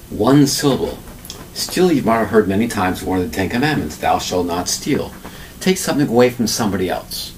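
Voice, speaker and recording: A man giving a vocabulary lesson, explaining a word slowly, spelling it out and asking rhetorical questions. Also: fairly low pitch, slight background noise, rough recording. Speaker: English teacher.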